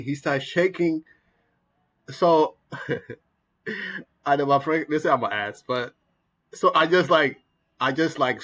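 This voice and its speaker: A man, casually telling a story in a vlog, acting out what people said and asking "right?" as he goes. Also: medium pitch. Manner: animated storyteller, acts out quotes, says "right?" often. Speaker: investing vlogger. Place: in Colombia.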